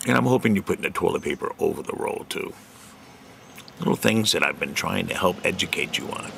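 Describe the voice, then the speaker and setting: A low, expressive male voice, fairly quick, with vocal fry and background noise. A middle-aged man hosts his own community show segment, delivering a rambling monologue of folksy jokes packed with fillers and chuckling at his own punchlines.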